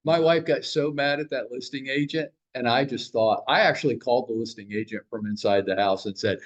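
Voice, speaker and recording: A man at a mid pitch leads a training huddle for real estate agents. He tells blunt stories with a bit of swearing and keeps throwing questions at the room. The recording sounds dull and lo-fi. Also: fairly quick, hardly any pauses. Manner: storytelling, blunt, mild swearing; fires rhetorical questions at the room.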